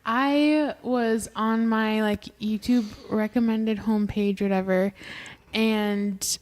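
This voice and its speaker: A woman with a fairly high voice, co-hosting a podcast. She tells her stories in a relaxed, loose way, full of fillers. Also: takes it slowly. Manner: storytelling, relaxed, filler-heavy. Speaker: podcast co-host. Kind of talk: casual chat.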